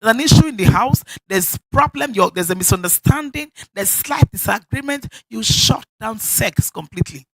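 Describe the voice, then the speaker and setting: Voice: mid-range voice, lively intonation, normal speed, few pauses, fairly bright tone, husky, no room sound. A preacher with a Nigerian accent giving an emphatic church sermon, repeating key phrases and laughing often. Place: church service.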